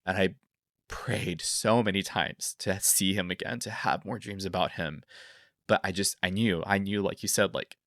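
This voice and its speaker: A man's voice: low-pitched, steady tone, moderate pace, fairly bright tone, no echo, studio quality. A man hosting a podcast, telling a story in a rambling way full of fillers, and reading out listener stories. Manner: rambling, filler-heavy, openly emotional. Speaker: podcast host.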